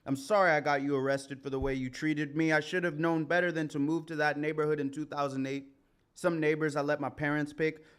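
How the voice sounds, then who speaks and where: A man performing a confessional spoken-word poem at an open mic, in a measured delivery. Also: a little high, level tone, clear, resonant tone. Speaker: performing poet. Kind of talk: spoken-word poetry recital. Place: community center stage.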